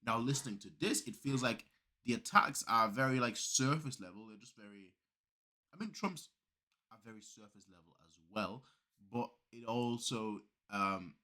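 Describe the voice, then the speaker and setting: A man hosting a reaction video, talking in a casual, excitable, rambling way with lots of restarts. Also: medium pitch, normal speed.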